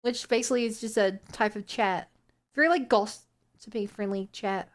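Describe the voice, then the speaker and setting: In a medium-pitched voice at normal speed, a young woman with a New Zealand accent reads chat and talks casually with her stream viewers. She's playful and incredulous, laughing and exclaiming in disbelief.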